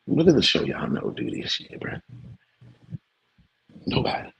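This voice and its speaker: A man in his forties, a show host, casually telling stories to his viewers in an animated, slangy way. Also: very deep voice, unhurried, creaky, husky, muffled recording. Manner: animated, slangy, talks straight to his audience.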